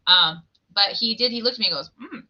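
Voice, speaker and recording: Woman guest and former radio host. Rambling, bubbly storyteller, very bright tone, dull audio. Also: medium pitch, fast talker. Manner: bubbly, rambling storyteller who laughs often. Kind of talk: casual interview chat. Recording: muffled lo-fi audio.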